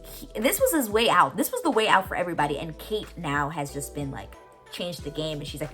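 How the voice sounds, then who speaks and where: A woman's voice: fairly low pitch, very animated, fairly quick, fairly bright tone, faint music behind. A woman hosting a podcast, casually recapping a TV episode, gushing and teary as she retells its scenes. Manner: emotional, gushing, retells scenes with quoted lines.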